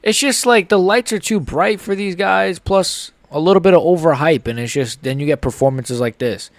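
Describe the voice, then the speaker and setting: A man's voice: fairly high pitch, moderate pace, dry recording. A young man hosting a live fight reaction, ranting heatedly and swearing. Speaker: MMA channel host.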